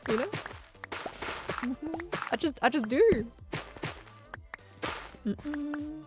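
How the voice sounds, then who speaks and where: A woman's voice: sits high, expressive, drawn-out words, pauses often, music in the background. A young woman chatting casually while streaming a game, musing aloud and laughing often. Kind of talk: casual live-stream chat while gaming.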